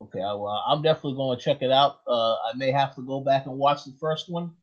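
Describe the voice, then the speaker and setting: Low-key podcast co-host, dull sound. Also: fast talker. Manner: brief, low-key replies. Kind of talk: casual podcast chat.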